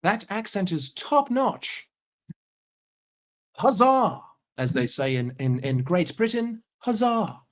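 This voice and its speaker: A man's voice: high voice, very animated, slow pace, pauses often, exaggerated voice. An American man putting on a mocking, snooty posh British accent. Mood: pompous. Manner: exaggerated snooty mock accent. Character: mock posh British man, pompous and smug.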